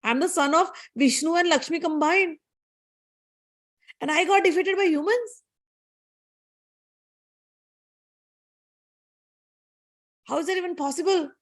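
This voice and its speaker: A woman voicing a five-year-old boy god in a storytelling, his voice pitched high above her own and wounded with shame. He questions indignantly, sulky and plaintive. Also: moderate pace. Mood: ashamed, indignant.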